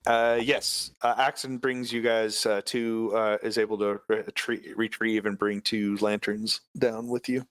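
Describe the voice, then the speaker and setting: A man's voice: lowish voice, flat delivery, unhurried, few pauses, fairly bright tone, no room sound. A man narrating a tabletop game as game master, hesitant and full of filler sounds.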